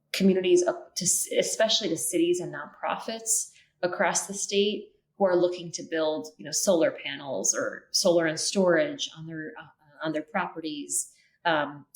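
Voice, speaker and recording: A woman in her thirties from Minnesota talks through clean energy policy as a podcast guest, earnest and full of ums and self-corrections. Her voice sits a little low. The room around her gives a noticeable echo. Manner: earnest, many filler ums and restarts. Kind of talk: podcast interview. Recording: roomy echo.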